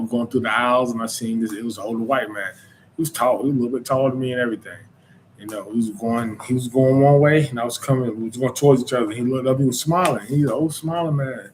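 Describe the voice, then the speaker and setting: A man's voice: medium pitch, fast talker, a little hiss or hum, poor audio. A man from North Carolina with a Southern accent hosting a podcast, talking in a loose casual monologue full of "you know" and "man". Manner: informal Southern speech. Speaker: podcast host.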